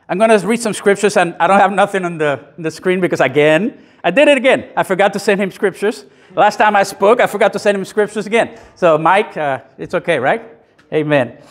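A man preaches a sermon in a church. His high voice swings widely in pitch, climbing on emphatic points and dropping low and soft on solemn ones. He talks conversationally, pausing for the congregation's amens. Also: lively intonation. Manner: conversational, with self-deprecating asides. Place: church sanctuary.

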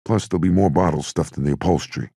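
Man voicing a brash young gangster, streetwise and blustery, a raised but still low gravelly voice, audiobook read. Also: fast talker, warm tone, no echo, exaggerated voice. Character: brash young male Prohibition-era gangster.

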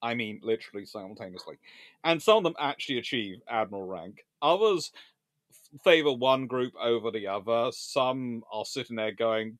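A man hosting a live-stream history lecture, telling his story in an animated, theatrical way. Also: mid-range voice, moderate pace, no echo, clean studio sound. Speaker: naval historian host.

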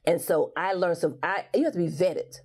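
A woman's voice: fairly low pitch, steady tone, moderate pace, a little mellow, husky. A woman speaking as a guest coach in a casual interview, frank and emphatic, often restarting her sentences.

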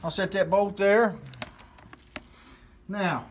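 A man's voice: high voice, steady tone, slow pace, slight background noise. A man from West Virginia with a West Virginia accent, folksy and rambling with many fillers as he walks through a hands-on how-to demonstration. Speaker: hunting channel host.

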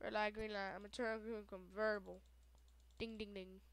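A woman giving playful, shouty gameplay commentary full of silly chanted sound effects. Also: medium pitch, flat delivery, normal speed. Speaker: gaming video creator.

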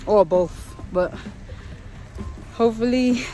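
A woman's voice: medium pitch, moderate pace, pauses often, mellow, faint music behind. A woman in a casual vlog, talking straight to her viewers while walking outside with a phone camera. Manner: chatty, addresses viewers directly. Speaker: vlogger. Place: outdoors walking on a windy street.

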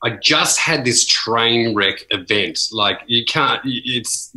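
A man from Australia, a podcast guest in casual chat, telling a story in halting, self-deprecating bursts with many restarts. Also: medium pitch, pushed and bright, roomy sound, rough recording.

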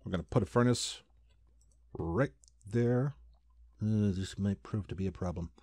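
A man's voice: on the low side, a little slow, mellow, no room sound. A man hosting a Let's Play, chatting casually through his building and making silly sound effects. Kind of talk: casual gameplay commentary.

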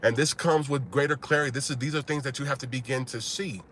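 A male preacher delivering a sermon with emphatic, repeating phrases and lively storytelling. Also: mid-range voice, fast talker, a little hiss or hum.

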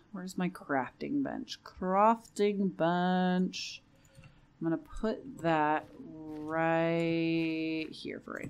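Deep-voiced with a darkish tone, this young Minecraft let's play creator offers casual, chatty commentary while building in the game. She seems nervous, repeatedly reassuring herself under her breath.

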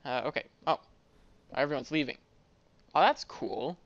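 A man's voice: fairly high pitch, moderate pace, highs cut off, over a noisy crowd. Joking man doing game commentary. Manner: joking, stammers and repeats words. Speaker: gamer playing a border-inspector game. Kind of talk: casual gameplay commentary. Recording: background game music.

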